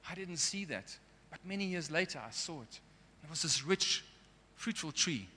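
A man's voice: a little high, animated, normal speed, bright, forceful tone, a little hiss or hum. A man preaching a sermon in an earnest way, sometimes getting emotional. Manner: earnest, gets emotional at times. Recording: long hall reverb.

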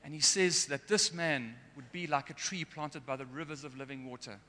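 A man's voice: on the high side, normal speed, pushed and bright. Earnest man preaching. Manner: earnest, gets emotional at times. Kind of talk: sermon. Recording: long hall reverb.

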